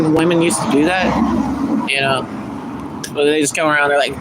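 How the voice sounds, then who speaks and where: A man's voice: a little high, steady tone, fairly quick, pauses often. Guy ranting on a live stream, swears a lot, noisy background with vehicle sounds. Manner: profane, ranting, self-help preaching. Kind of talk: rambling live stream monologue.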